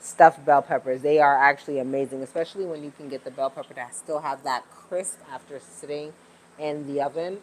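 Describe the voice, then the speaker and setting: A woman's voice: low-pitched, steady tone, a little fast, a little mellow, a little hiss or hum. A woman hosting a casual livestream from home, chatting with viewers and laughing often. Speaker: livestream host.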